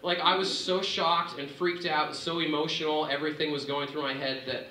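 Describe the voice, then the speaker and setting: A young man tells a race story to a dinner crowd, animated and excited, his voice pushing up high at the thrilling moments. His tone is bright and forceful. He is recorded from across an echoey banquet room, with faint room ambience behind him. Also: a little fast, distant mic, slight background noise. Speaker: athlete giving a dinner speech. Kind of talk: storytelling speech.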